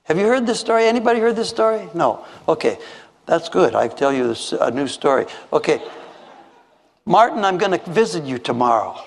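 Man, storytelling preacher, slightly high, animated, acts out voices, reverberant hall. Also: brisk, vocal fry. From Minnesota. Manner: animated, acts out voices in his stories, many restarts. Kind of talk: storytelling sermon. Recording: echoey hall.

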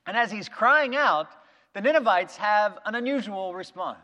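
A man preaching a sermon, retelling a Bible story in a lively way with acted-out quotes. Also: high-pitched, normal speed. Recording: long reverb of a big hall.

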